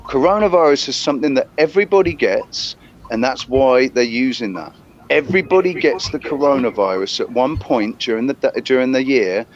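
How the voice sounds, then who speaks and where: A man's voice: medium pitch, lo-fi sound. A man co-hosting a live chat show, rambling and repeating himself as he talks over the others. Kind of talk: casual chat over a call.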